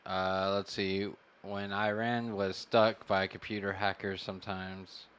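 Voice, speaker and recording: A man's voice: deep voice, little pitch movement, measured pace, a bit bright, clear, resonant tone. A man co-hosting a casual podcast, reading trivia aloud in a laid-back way and swearing freely. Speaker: podcast co-host, son.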